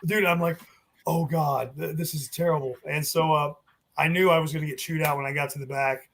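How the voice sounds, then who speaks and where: A former referee, a man with a fairly high voice, recounts backstage stories in a casual interview. He acts out the lines other people said to him, swearing and laughing as he goes. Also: fairly even intonation, a little fast, creaky, fairly bright tone, slight background noise. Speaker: former wrestling referee, guest.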